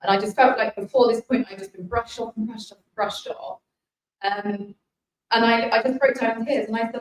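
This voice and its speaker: A British woman in her thirties telling her personal health story in an emotional, halting way, often apologizing as she talks. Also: a little high, fairly even intonation. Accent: British English. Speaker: guest sharing a healing story. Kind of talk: personal testimony. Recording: echoey distant room sound.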